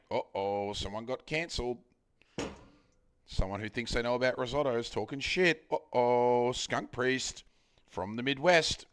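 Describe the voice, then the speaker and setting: Aussie male streamer, sharp bright voice, cooking at home, loose sweary banter with chat. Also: mid-range voice, clean tone. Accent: Australian. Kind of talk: casual live-stream chat while cooking. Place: home kitchen.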